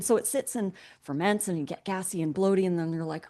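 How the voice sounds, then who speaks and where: A young adult woman speaks casually as co-host of a wellness talk. She explains ideas in an easygoing, conversational way, slowing down on key points and leaning on everyday examples. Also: mid-range voice, warm tone.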